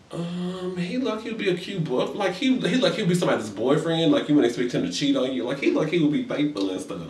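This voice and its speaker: A man giving a casual comedic recap of reality TV, sassy and profane, acting out the quotes in high voices. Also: distant mic. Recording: roomy echo, a bit off-mic.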